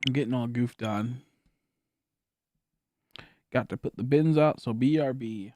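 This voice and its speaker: A streamer chatting casually over a game, animated, laughing often and swearing freely. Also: medium pitch, a little slow, no room sound, studio quality. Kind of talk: casual gameplay stream chat.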